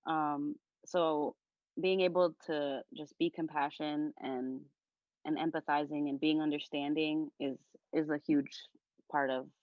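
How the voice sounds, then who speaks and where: Low-voiced young woman, earnest and heartfelt. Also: steady tone, measured pace, no room sound. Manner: earnest, heartfelt, leans heavily on "like". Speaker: podcast guest, content creator. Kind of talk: casual conversation. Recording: dull lo-fi recording.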